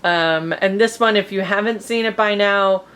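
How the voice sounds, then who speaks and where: A woman's voice: medium pitch, normal speed, a bit bright. A woman co-hosting a comedy podcast, giggling often and reading fanfiction aloud with dramatic narration.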